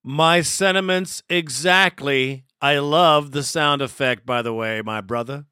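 A man's voice: on the high side, a little slow, sharp tone, clean tone, dry recording. A man hosting a fan podcast, introducing callers in a friendly, hyped way. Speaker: host.

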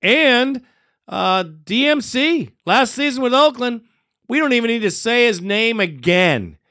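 A man hosting a sports call-in show, energetic and friendly, calling his callers brother. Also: very high voice, measured pace. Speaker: sports talk show host. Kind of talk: podcast sports talk.

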